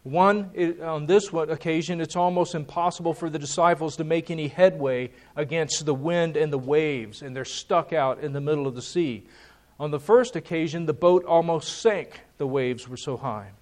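A man's voice: fairly high pitch, normal speed, a little mellow. A man preaching a sermon, emphatic and repeating key words for stress.

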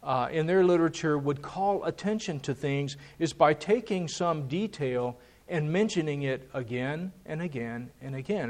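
A man's voice: fairly high pitch, a little slow, darkish tone. A man preaching a sermon, emphatic and repeating key words for stress.

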